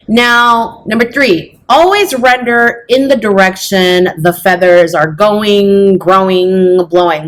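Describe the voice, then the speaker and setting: Chatty woman teaching fashion drawing. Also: medium pitch. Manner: chatty, self-teasing, says "y'all" and "okay?". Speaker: fashion illustration instructor. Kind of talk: casual drawing tutorial.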